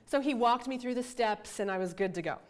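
A middle-aged woman researcher giving a lecture, telling her field story in an animated, self-deprecating way with asides. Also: a little high, a little fast. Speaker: environmental researcher giving a talk. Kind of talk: lecture with a personal anecdote.

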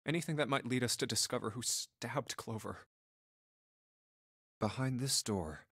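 A man's voice: medium pitch, measured pace, a bit bright, husky, no room sound. An actor voicing a wary man in a video game who questions things as he searches a room. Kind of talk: voiced game dialogue. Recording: dry game audio under music.

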